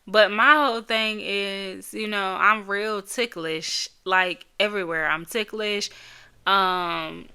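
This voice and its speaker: A woman's voice: mid-range voice, steady tone, slow, pushed and bright, clear, resonant tone. A woman hosting her own podcast, chatting casually and candidly, rambling a little and laughing often. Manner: emotional, candid storytelling. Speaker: podcast host. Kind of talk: casual solo podcast chat.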